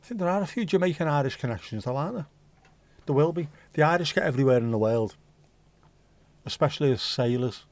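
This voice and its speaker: A man's voice: fairly high pitch, animated, fast, no echo. A man hosting a livestream, chatting casually and reading out viewer comments in a rambling way, with the odd swear. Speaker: livestream host.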